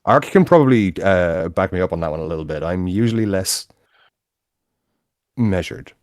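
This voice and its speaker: A man's voice: sits low, animated, moderate pace, no echo, clean studio sound. A man co-hosting a casual podcast chat. He rambles, corrects himself and swears freely. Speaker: podcast co-host.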